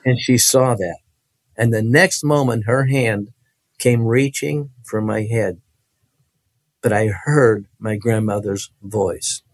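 A man telling a personal story as an interview guest, animated and emphatic, often repeating phrases. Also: lowish voice, slow, no echo.

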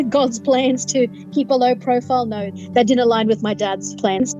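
A woman's voice: fairly high pitch, fairly even intonation, normal speed, lo-fi sound, music in the background. A woman from Fiji, a human rights lawyer telling her faith testimony as a guest, earnestly acting out the dialogue. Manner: earnest, vivid storyteller who acts out dialogue. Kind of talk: testimony storytelling in an interview.

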